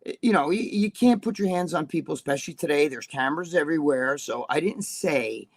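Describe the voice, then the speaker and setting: A man's voice: fairly high pitch, expressive, a little fast. A man talking as a podcast guest, telling blunt, profane stories and checking in with his listener as he goes. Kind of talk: casual chat on a live-streamed podcast.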